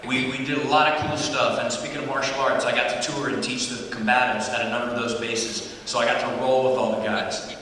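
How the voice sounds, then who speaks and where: A man from Texas tells loose, profane stories on a convention panel stage, laughing as he goes. His voice reaches the mic from a distance and rings through a big, echoing hall. Steady crowd noise sits underneath. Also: medium pitch, fairly quick. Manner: profane, laid-back storytelling with laughs. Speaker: panel guest. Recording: echoey hall recorded from far off.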